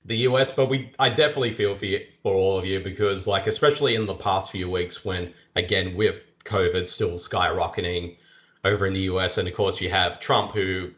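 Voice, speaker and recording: A man's voice: low voice, steady tone, fairly quick, fairly bright tone, dull audio. An Australian man hosting a casual podcast chat, upbeat and talkative, often restarting his sentences. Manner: upbeat, chatty, frequent restarts and fillers. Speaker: podcast host.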